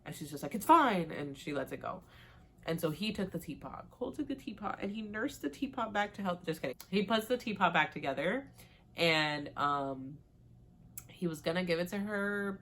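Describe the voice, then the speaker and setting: A woman's voice: low-pitched, animated, fairly quick, creaky, fairly bright tone, slight background noise. Chatty young woman recapping a show. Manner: chatty, laughs at herself, acts out lines. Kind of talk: casual recap with acted-out quotes.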